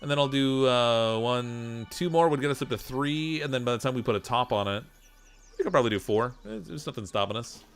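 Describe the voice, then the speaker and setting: Canadian guy streaming a game, reads chat out loud, chatty, laughs a lot, mid-range voice. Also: medium pitch, fairly quick, clean tone, faint music behind. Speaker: gameplay streamer reading chat. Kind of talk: casual chat while gaming.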